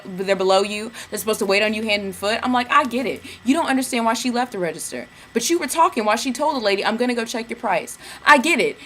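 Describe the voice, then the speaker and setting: A young woman vlogging about her day, her voice bright and forward. She talks in an animated, sassy way, full of slang, and slips into little mimicked asides. A faint hum of room noise sits behind her. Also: medium pitch. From Georgia, US. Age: young adult. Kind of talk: casual storytelling rant.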